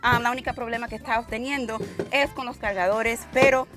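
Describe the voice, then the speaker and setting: A woman's voice: on the high side, steady tone, quick pace, music in the background. A woman hosting a casual shooting range vlog outdoors, chatty and exclamatory, slightly out of breath from the humid heat. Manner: chatty and exclamatory, calls viewers y'all. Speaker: firearms channel host.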